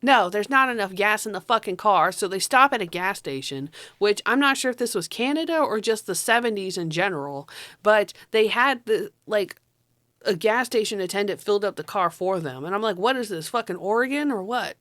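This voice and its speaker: A woman talks through a film in a loose, casual review, blunt and openly sarcastic, with a lot of cursing. Her voice sits at a middling pitch. The sound is dry and close, with no room echo. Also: lively intonation, normal speed, fairly bright tone. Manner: blunt, sarcastic, swears freely. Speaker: movie reviewer. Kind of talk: casual spoken movie review.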